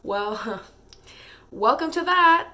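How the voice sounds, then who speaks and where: Young woman ranting to camera, fed up and tired, kinda high voice. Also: expressive, drawn-out words, pushed and bright. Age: young adult. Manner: exasperated, venting, laughing through frustration. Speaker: vlogger. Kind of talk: emotional vlog rant.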